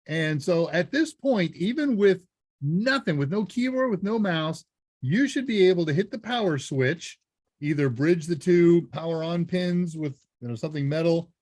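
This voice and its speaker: A man's voice: on the high side, a little mellow, dry recording. Chatty man hosting a live Q&A. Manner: chatty, jokey, thinks aloud. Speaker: live Q&A host. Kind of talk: casual live-stream chat.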